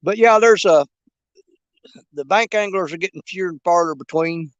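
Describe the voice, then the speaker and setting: Man, high-pitched, casual joking livestream host by the riverbank, dry close sound. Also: moderate pace, no echo, muffled recording. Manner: folksy, joking, rambling with fillers. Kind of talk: casual live chat while bank fishing. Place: outdoors on a riverbank at dusk.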